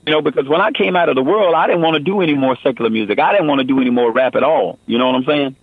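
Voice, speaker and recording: A man's voice: mid-range voice, rapid-fire, slightly rough, no room sound, phone-quality sound. A man giving an earnest personal testimony in a radio interview, often saying "man" and "you know".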